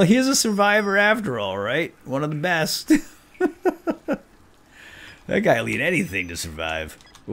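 A man commenting on a prison video game as he plays, excitable and jokey, reading game text aloud. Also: lowish voice. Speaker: let's play host. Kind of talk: gameplay commentary.

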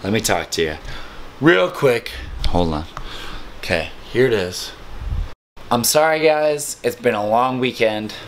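A man's voice: medium pitch, animated, measured pace, pauses often. A man giving a tired, rambling, slightly tipsy vlog update indoors at a friend's house. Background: air conditioning hum.

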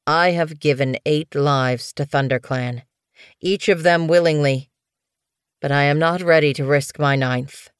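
A woman voicing a tired male cat leader who speaks in a calm, formal way. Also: sits low, unhurried, clean tone, no room sound, studio quality. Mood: solemn. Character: weary male cat clan leader, resigned.

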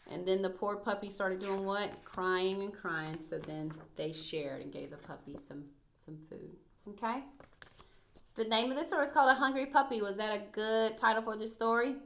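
A first grade teacher is recording a video reading lesson for young kids. Her medium-pitched voice is bright and encouraging, she praises the children often, and she speaks at a normal speed.

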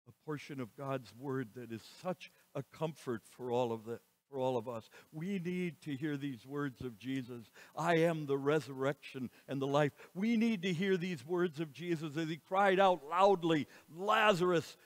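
Male pastor preaching, higher-set voice, dry close sound, soft to forceful. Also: no room sound. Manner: preaching, swings between soft and loud emphatic lines. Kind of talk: sermon. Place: church.

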